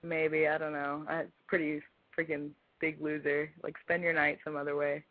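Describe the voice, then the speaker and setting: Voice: medium pitch, flat delivery, moderate pace, dry recording. A young caller in their twenties from Texas, laid-back and rambling in a casual phone call. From Texas, USA. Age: 20s. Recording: dry, tinny phone line.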